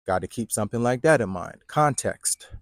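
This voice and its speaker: A man's voice: medium pitch, animated, normal speed, dry recording, clean studio sound. A man in his thirties talking casually about fatherhood, with lots of "like" and "right?". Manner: conversational, many fillers like "right?" and "like". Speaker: fatherhood coach. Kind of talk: casual talking-to-camera advice.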